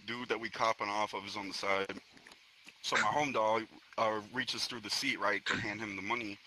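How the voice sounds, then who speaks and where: A man's voice: on the low side, steady tone, moderate pace, bright, forceful tone, a little hiss or hum, low-quality recording. A young man from Florida telling a story to friends in a rambling, profane street-slang way. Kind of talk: casual storytelling among friends. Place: online virtual social space.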